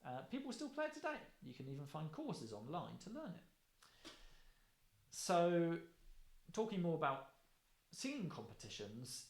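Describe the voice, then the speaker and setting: A man's voice: fairly high pitch, wildly swooping pitch, measured pace, pauses often. A man giving a recorded course lecture. He explains step by step and often stops to rephrase or correct himself. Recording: echoey room.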